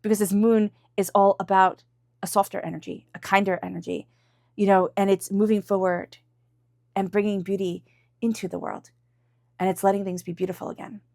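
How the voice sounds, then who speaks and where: A woman giving a spoken tarot reading, chatty and meandering, softly repeating invocations as she draws cards. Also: mid-range voice, level tone, a little fast, gravelly, dry recording, clean studio sound. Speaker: tarot reader.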